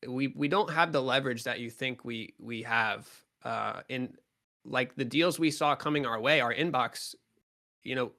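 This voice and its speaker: A man's voice: medium pitch, moderate pace, bright, forceful tone. A man answering fans in a live Q&A as a club co-owner, talking frankly and casually with lots of fillers.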